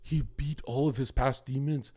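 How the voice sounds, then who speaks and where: A man's voice: medium pitch, fairly even intonation, normal speed, a little mellow. A man talking as a podcast guest, rambling and swearing as he jumps from one topic to the next. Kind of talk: casual podcast chat.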